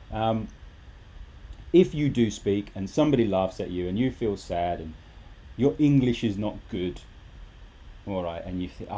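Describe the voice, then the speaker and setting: A man's voice: lowish voice, dark tone, breathy edge. A man teaching a live English lesson, talking animatedly and repeating rhetorical questions to his students.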